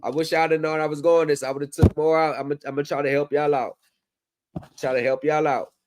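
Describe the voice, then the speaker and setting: Male livestream host, animated and profane, slightly higher voice. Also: fairly quick. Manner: loose, profane, animated banter. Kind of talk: casual chat.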